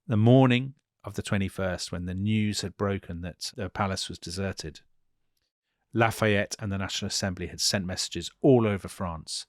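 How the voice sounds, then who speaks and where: A man co-hosting a history podcast retells events vividly, slipping into quoted speech for the people involved. His low-pitched voice moves at a moderate pace, and the studio-quality recording has no room sound.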